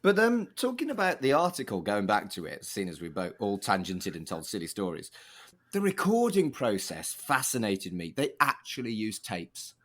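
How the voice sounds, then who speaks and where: A man hosting a podcast and telling stories in a relaxed, chatty way, swearing now and then. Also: fairly low pitch, normal speed. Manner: lively storytelling, swears casually. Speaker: podcast host. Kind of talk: casual podcast chat.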